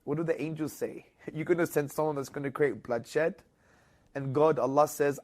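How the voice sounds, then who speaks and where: A British man speaks as an interview guest and tells his story with a lot of energy. His voice sits a little high and jumps up and gets louder when he acts out what other people said. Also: normal speed. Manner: lively, rising and loud when quoting others.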